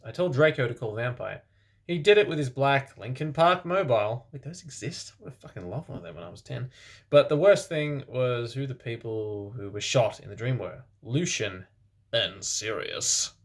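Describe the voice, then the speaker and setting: Man reading fan fiction with deadpan asides. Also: medium pitch, normal speed. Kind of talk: comedic dramatic reading.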